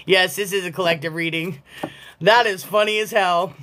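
A woman's voice: lowish voice, steady tone, normal speed, fairly bright tone, slight background noise. A woman giving a casual collective tarot reading, blunt and profane and often breaking into laughter. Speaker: tarot reader.

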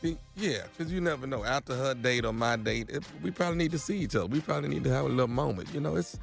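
A man's voice: mid-range voice, fast, vocal fry, faint music behind. A man on a morning radio show, joking in a boastful, laid-back way. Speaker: radio co-host. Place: radio studio.

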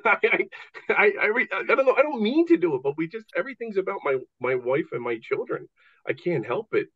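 A man, a comedian telling stories as a guest on an interview, self-deprecating and quick to restart his sentences. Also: mid-range voice. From Philadelphia. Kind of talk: casual interview storytelling. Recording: tinny phone-like call line.

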